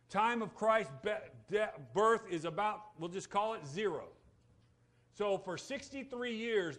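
A man preaching a sermon to his congregation, dropping to a hush and then rising to shouts, calling for amens. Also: sits high. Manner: dramatic preaching, swings from hushed to shouting; calls for amen from congregation. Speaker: pastor. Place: church sanctuary.

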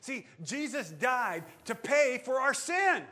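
A male pastor preaching a sermon, animated, asking the congregation rhetorical questions. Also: very high voice, slow pace, hardly any pauses.

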